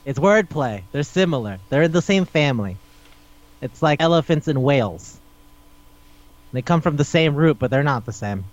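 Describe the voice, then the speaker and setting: A man's voice: fairly high pitch, animated, moderate pace, dull audio. A man co-hosting a podcast in casual chat, rambling animatedly and swearing freely. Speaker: podcast co-host.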